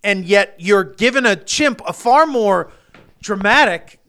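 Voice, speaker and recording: Man, very high voice, bright and forceful, comedy podcast rant, lots of swearing. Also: lively intonation, measured pace. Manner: ranting, swears often, many restarts. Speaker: podcast co-host.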